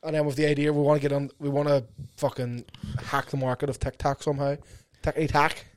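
A man co-hosting a podcast, talking in a rambling, animated way and swearing casually. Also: medium pitch, quick pace, smooth, no echo. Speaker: podcast co-host. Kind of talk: casual chat. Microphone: podcast mic.

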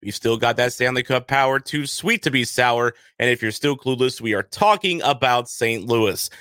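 A man's voice: medium pitch, normal speed, pushed and bright, dry recording, clean studio sound. A man hosting a hockey podcast, chatting casually with upbeat energy and frequent fillers. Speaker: podcast host. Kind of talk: casual podcast chat and ad reads.

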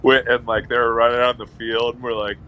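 A podcast co-host on a casual sports show tells stories in an animated way, saying "like" often and laughing at himself. His voice is medium-pitched and fairly quick, and the sound is lo-fi with a little hiss or hum.

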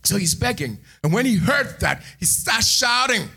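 A man preaching a sermon in church, animated, moving between hushed asides and shouted lines. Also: high voice, normal speed, creaky, husky. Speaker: pastor.

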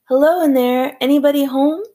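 A woman voicing a loud, jolly older male delivery man who hollers his words. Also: sits high, fairly even intonation, brisk, voice pushed up.

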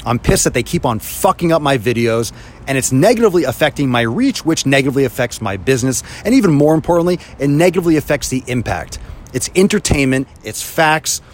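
A man's voice: medium pitch, lively intonation, quick pace, slight background noise. Man in a profane, heated rant. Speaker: social media creator. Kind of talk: angry ranting vlog.

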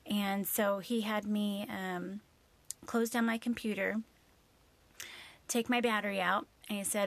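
Woman, thirties, casual storytelling, emotional, filler-heavy, mid-pitched voice. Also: steady tone, unhurried, vocal fry, no room sound. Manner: emotional, many fillers, quotes herself and others. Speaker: mother telling a personal story.

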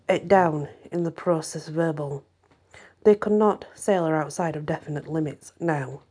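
A woman hosting her own channel, reading a historical novel aloud in a steady storytelling manner. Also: on the low side, husky. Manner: steady storytelling, voices quotes lightly. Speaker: channel host and reader.

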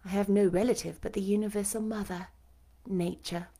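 A woman with a mid-range voice is live-streaming herself reading a classic novel aloud as an audiobook reader. Between chapters she's chatty and pokes fun at herself, while her narration is measured and expressive.

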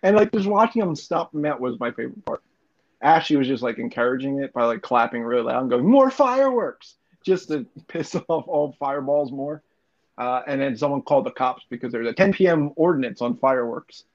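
A man's voice: medium pitch, a little fast. A young man telling profane, rambling stories in casual podcast chat. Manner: rambling, profane storytelling with laughs. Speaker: podcast co-host. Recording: dull lo-fi recording.

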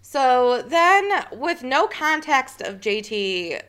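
A woman's voice: sits high, very animated, takes it slowly, a bit bright, smooth. A woman co-hosting a casual recap podcast, chatty and retelling scenes by acting out characters' lines. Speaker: podcast co-host.

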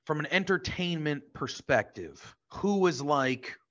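A man's voice: a little high, lively intonation, a little slow, fairly bright tone, dull audio. A man with an American accent, co-hosting a casual chat over a video call with eager, effusive talk. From United States. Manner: effusive, enthusiastic. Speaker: podcast co-host.

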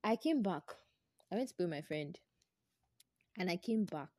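On her podcast, a young woman with a Nigerian English accent tells a personal story in a low, mellow, soft voice at a moderate pace. Animated and exclamatory, she repeats herself for emphasis, and the sound is close and dry with no room sound.

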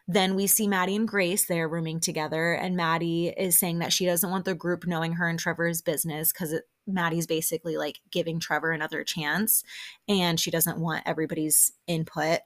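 A woman's voice: on the low side, little pitch movement, fairly quick. A young woman hosting a podcast, recapping reality TV in a chatty, casual way and leaning on "like" often. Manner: chatty, lots of "like", laughs often. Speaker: podcast host.

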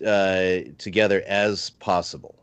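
A man with a low-pitched voice speaks earnestly over a video call, stopping and restarting his sentences. The sound is dry and close, with no room around it. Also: flat delivery, clean tone, no room sound, muffled recording. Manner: earnest, halting, many restarts and fillers. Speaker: panel guest. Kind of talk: casual discussion on a livestream panel.

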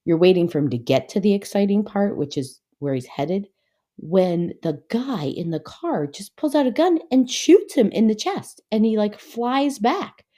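A middle-aged woman hosting a Christian podcast, telling a story in a chatty, rambling way that turns animated as she retells it. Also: moderate pace. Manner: chatty storytelling, lots of "like" and "anyway"; grows animated and high-pitched when retelling. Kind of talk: devotional podcast talk.

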